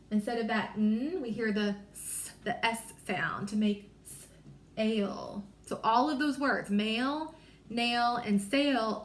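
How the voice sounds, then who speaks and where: A woman reading teacher leading a small-group phonics lesson, sounding out letters slowly and carefully, encouraging and apologetic. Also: on the high side, roomy sound.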